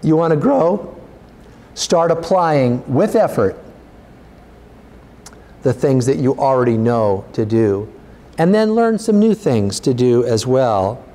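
A man's voice: expressive, slow pace, long pauses, dark tone. A male pastor preaching a sermon, earnest and urging, his voice rising as he exhorts the congregation. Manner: earnest, urging, rises in pitch when exhorting.

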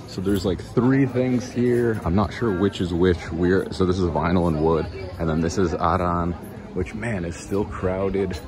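A man talking casually as a travel vlogger, relaxed and rambling, a little tired, touring cafes and streets. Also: deep voice, background noise. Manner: relaxed, rambling, enthusiastic about food. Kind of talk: casual walk-and-talk vlog. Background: music.

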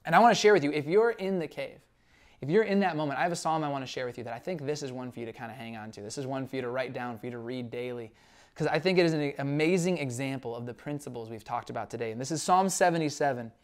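A man's voice: high-pitched, fast talker, darkish tone. Earnest young male pastor preaching. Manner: earnest, conversational preaching with dramatic reading of scripture. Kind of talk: sermon.

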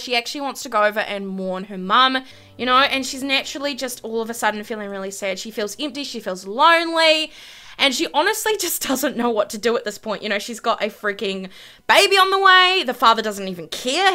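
A woman's voice: fairly high pitch, bright, forceful tone. A young woman hosting a gaming video, narrating her play in a chatty, dramatic way and often saying "honestly" and "freaking". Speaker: gaming channel host. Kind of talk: casual let's-play commentary.

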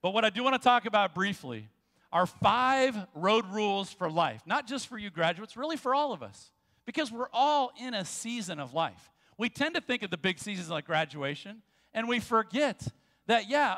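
Bright-voiced pastor in a reverberant hall. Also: male voice, high voice. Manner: jokey storytelling with quick asides. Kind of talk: sermon with humor. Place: church sanctuary. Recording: long church hall reverb.

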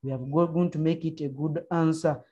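In a low, steady voice with a dark tone and breathy edge, a Ugandan-accented teacher speaks briskly to her online primary class over a video call. She encourages pupils with frequent uh-huhs and mm-hmms, and the audio is lo-fi.

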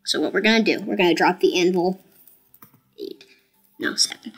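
A woman's voice: fairly low pitch, big pitch swings, a little slow, long pauses, a bit bright, breathy edge. A woman streaming a game, talking casually to viewers in a chatty, self-mocking and playfully dramatic way. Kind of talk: casual gameplay commentary.

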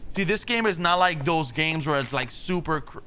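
A young gaming YouTuber provides let's play commentary on a horror game, reacting with nervous jokes, swearing and startled outbursts in a jumpy manner. His voice is on the high side, expressive and bright, with a forceful tone at normal speed and a little hiss or hum.

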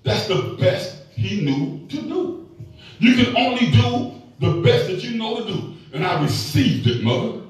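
A man in his fifties preaching a sermon, telling a personal story in a folksy, emphatic way with sudden shouts. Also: high-pitched, sing-song, measured pace, faint music behind. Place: large echoey church hall. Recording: echoey hall, voice from far off.

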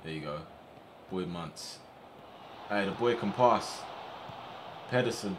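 A young man commentating on his football management game, getting excited and shouting at his players on screen. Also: deep voice, takes it slowly, background noise. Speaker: gaming streamer.

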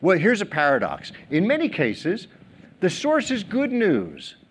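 On a theater stage, a middle-aged keynote speaker tells stories, acts out quotes and jokes with the audience as an animated storyteller. His voice is high-pitched and slightly rough, at a measured pace.

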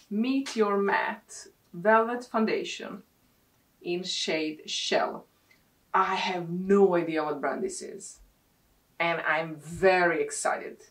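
Slow, gushing woman unboxing beauty products. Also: on the low side. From Sweden. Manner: excitable, gushing over products. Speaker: beauty vlogger. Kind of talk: casual unboxing chat. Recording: distant mic with clear background noise.

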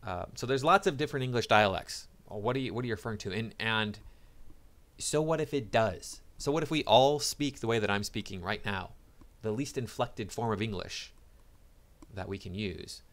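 With a fairly low, slightly bright voice at normal speed, this online commentator reacts casually and mockingly. His sarcasm comes with many restarts and stammered repeats.

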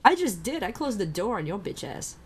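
A woman's voice: mid-range voice, sing-song, a little fast. A woman gaming streamer giving sarcastic, profane commentary while playing a horror game and shrieking at the scares. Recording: noisy home recording.

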